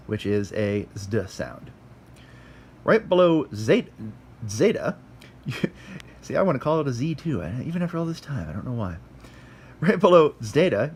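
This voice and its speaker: A man's voice: medium pitch, breathy edge. Guy walking thru greek letters, chatty and self-deprecating, voice swings up and down. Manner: conversational, self-deprecating, sounds letters out slowly. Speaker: teacher. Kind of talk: casual lesson.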